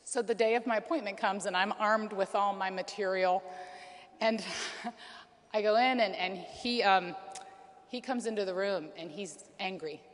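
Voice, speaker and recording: Her voice mid-range and her pace measured, a woman in her forties speaks earnestly at a conference about her own experience. She restarts often and fills pauses with ums, and the recording carries the echo of a reverberant hall.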